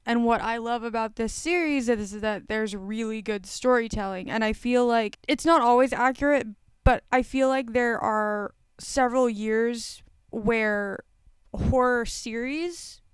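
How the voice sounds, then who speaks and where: Lady podcast cohost, really smooth clear voice, a bit high, dry sound, keeps restarting her sentences. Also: unhurried, no room sound. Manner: talks at length, restarts sentences. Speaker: podcast co-host. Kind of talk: casual reaction chat.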